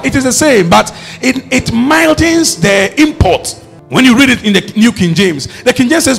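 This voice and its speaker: A man preaching a sermon, emphatic and rising to shouts as he calls on the congregation to respond. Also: very high voice, animated, normal speed, vocal fry, breathy edge, faint music behind.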